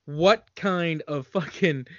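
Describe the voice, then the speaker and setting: A man's voice: on the high side, slow, a bit bright, no room sound, dull audio. A man co-hosting a casual movie review chat, joking with sarcastic asides. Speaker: podcast co-host.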